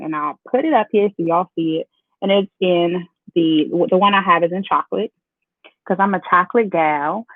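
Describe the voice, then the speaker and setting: A woman's voice: lowish voice, normal speed, no room sound. A woman from Chicago, chatting casually with her viewers as she walks through a live makeup tutorial. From Chicago, United States. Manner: chatty, talks straight to viewers as "y'all". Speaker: beauty vlogger. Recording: tinny phone-like sound, dry.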